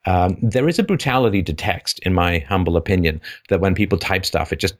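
A man's voice: low voice, brisk. A man hosting a call-in show, talking frankly in a casual, opinionated way and repeating words as he thinks aloud.

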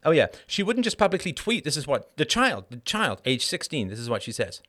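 A man's voice: a little high, very animated, brisk, fairly bright tone. A man hosting a live call-in show, delivering a heated monologue in an emphatic, blunt and profane way, with sardonic asides and rhetorical questions.

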